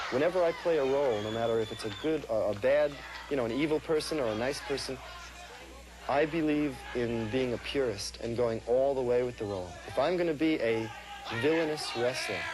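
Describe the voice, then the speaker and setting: A man speaking earnestly and deliberately in an archival interview. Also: mid-range voice. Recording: noisy archival recording.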